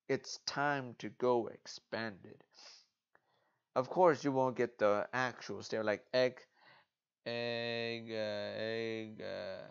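A man's voice: mid-range voice, clear, resonant tone. A sleepy man hosting a casual card game vlog late at night, rambling playfully and talking to himself as he browses. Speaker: card game video host. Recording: dull lo-fi recording.

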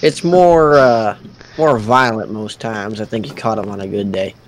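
A man's voice: lowish voice, unhurried, background noise. A man improvising game role-play as a hot-tempered sidekick who talks crudely and swears often.

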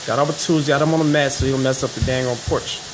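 A man's voice: mid-range voice, steady tone, fast talker. A man with a Southern US accent, cooking at home in his kitchen and chatting in a rambling, joking way, recorded on a handheld phone. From Southern United States. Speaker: home cook vlogger. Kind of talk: casual cooking vlog. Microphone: handheld phone camera. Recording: loud sizzling pan noise.

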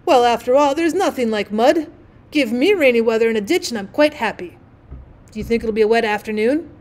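A talkative, self-satisfied frog, gushing on without pause, as a woman voices it in a storybook reading. The voice sits fairly high and eager. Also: darkish tone, lightly acted.

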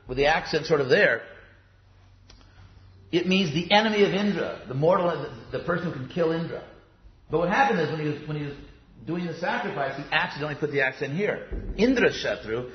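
Chatty man lecturing in a roomy class. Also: a little high. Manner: chatty, digressive, many fillers and restarts. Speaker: yoga philosophy teacher. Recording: roomy, dull sound.

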